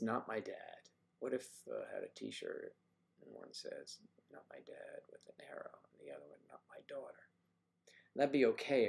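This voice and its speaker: Reading out viewer comments on his casual livestream, this man greets people by name and ribs them playfully. He speaks in a lowish, gravelly voice that's a little mellow.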